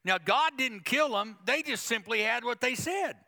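Pastor guy preaching, super bright voice kinda high, punchy and repeats himself a lot. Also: lively intonation, moderate pace. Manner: emphatic preaching with quoted asides and repetition. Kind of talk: sermon.

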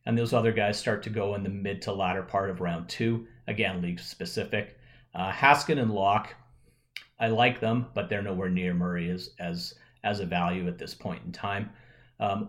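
A man with a hoarse, raspy voice hosts a solo podcast and answers listener questions. His voice sits a little low. He talks in a loose, conversational way with plenty of filler words. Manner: relaxed and conversational, thinking aloud with fillers. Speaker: podcast host.

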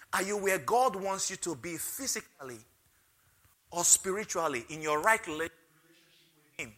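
Male pastor, sermon with testimony; high and piercing, emotional, punches key phrases. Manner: emotional storytelling, rising loud on key phrases.

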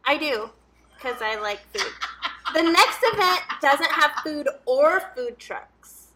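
A woman's voice: high-pitched, lively intonation, slow, noisy background. A woman co-hosting a podcast, chatting in an easygoing way and laughing along. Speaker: podcast co-host. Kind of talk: casual chat.

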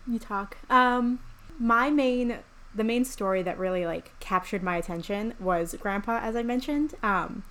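A woman's voice: fairly high pitch, a little slow, fairly bright tone. A woman co-hosting a casual podcast interview, asking hesitant, giggly questions. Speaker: podcast co-host.

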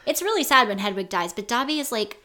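A woman's voice: fairly high pitch, fast talker. Emphatic woman podcast co-host. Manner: animated, emphatic, swears freely. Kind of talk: casual chat.

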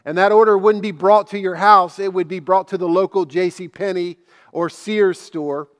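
High-voiced preacher in a reverberant hall. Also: male voice, steady tone. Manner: slow, emphatic preaching with storytelling. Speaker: pastor. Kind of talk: sermon.

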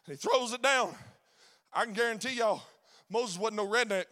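A man preaching a sermon, rising into shouted, sing-song preaching. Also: high voice, moderate pace. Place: church sanctuary.

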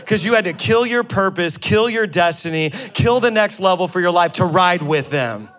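A male pastor preaching a sermon to his congregation in an animated way, acting out quoted voices and sometimes laughing with the crowd. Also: high voice, moderate pace. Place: church before a congregation.

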